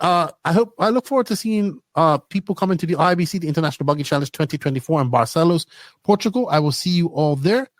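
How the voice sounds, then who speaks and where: A man hosting a podcast in casual, rambling talk, often excited. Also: a little high, no room sound. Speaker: podcast host.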